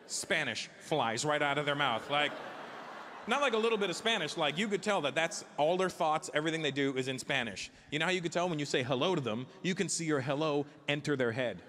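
Animated forty-something stand-up comedian. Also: male voice, fairly high pitch, slight background noise. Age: 40s. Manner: animated, acts out accents and characters in quick bits. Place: large theater with a live audience.

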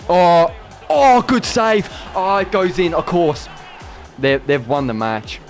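A man commentating his own football video game career, yelling at missed chances and then muttering in defeat. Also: on the high side, a little slow, faint music behind. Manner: excitable, swings between shouting at the game and deflated muttering. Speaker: gaming YouTuber. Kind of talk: gameplay commentary.

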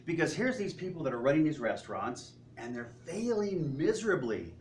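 A man's voice: on the high side, sing-song, normal speed, darkish tone, slight background noise. A male pastor preaching a sermon, telling stories animatedly and asking rhetorical questions. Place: church sanctuary. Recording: roomy, distant church sound with faint ambience.

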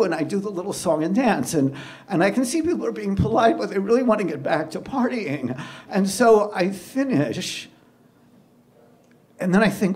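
A man telling a personal story with animated, self-deprecating delivery, acting out the scenes. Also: high voice, normal speed, distant mic. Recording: echoey room with clear background noise.

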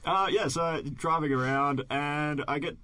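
A man's voice: on the high side, measured pace. A man co-hosting a podcast, chatting casually and acting out his own reactions as he tells stories. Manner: animated storyteller, acts out his own reactions. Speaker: podcast co-host.

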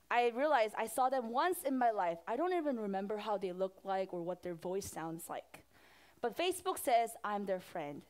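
High-voiced woman pastor talking to kids. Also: smooth. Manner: animated, asks the children questions. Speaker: children's pastor. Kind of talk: children's sermon.

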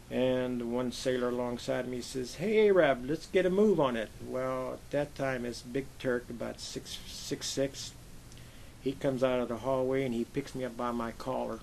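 Gravelly older man telling war stories. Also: medium pitch, a little hiss or hum, low-quality recording. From Pennsylvania, USA. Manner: lively anecdotal storyteller, acts out quoted voices. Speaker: Navy veteran interviewee. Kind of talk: oral history storytelling.

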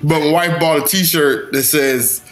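A man's voice: a little high, unhurried, fairly bright tone, faint music behind. A man co-hosting a comedy podcast, telling a rambling story and laughing often, in casual chat. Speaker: podcast co-host.

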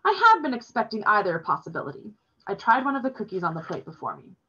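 A woman reading a novel aloud in a plain, steady storytelling manner, recorded with dull lo-fi sound. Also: medium pitch, quick pace, husky.

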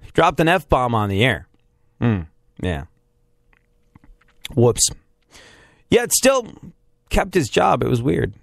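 A man's voice: medium pitch, creaky, no room sound, clean studio sound. A man hosting a radio show, telling a candid, self-deprecating story in a wry, conversational way. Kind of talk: motivational storytelling monologue.

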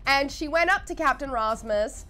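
A woman's voice: high-pitched, lively intonation, moderate pace, sharp tone. A young adult woman vlogger animatedly retelling a role-play game in casual storytelling.

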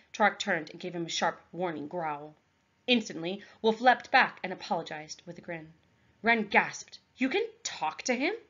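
Schoolteacher reading a novel aloud; expressive storyteller, mid-range voice, a little muffled. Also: female voice, medium pitch. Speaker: teacher.

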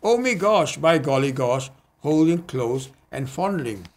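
A man, a poet, reading his own poems in an earnest, measured way, with hesitant spoken asides between them. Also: fairly high pitch, expressive. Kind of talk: poetry reading. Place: community TV studio.

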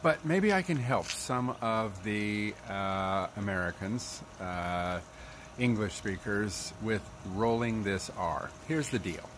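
Man, language teacher, low voice, slow delivery, patient demonstrations, noisy background. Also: expressive, fairly bright tone. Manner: patient, demonstrates sounds slowly and repeatedly. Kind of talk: spoken tutorial.

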